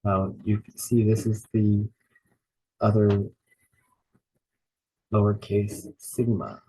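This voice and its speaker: A man's voice: fairly low pitch, little pitch movement, slow, darkish tone, slight background noise, rough recording. A man teaching a beginners' lesson on Bible Greek, carefully repeating each word and spelling names out letter by letter. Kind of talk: slow, patient pronunciation lesson.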